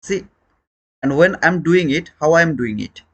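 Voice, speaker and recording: Guy running a live chart lesson, kinda high voice, keeps quizzing chat and repeating himself, non-native english. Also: lively intonation, a little slow, a bit bright. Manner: repeats points, questions chat viewers directly. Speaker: trading teacher.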